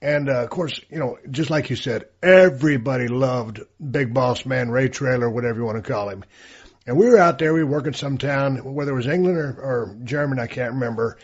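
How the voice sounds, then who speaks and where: A man's voice: medium pitch, fairly quick. A man telling a story in casual chat, in a laid-back, drawling way. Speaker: podcast co-host. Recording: dull lo-fi sound.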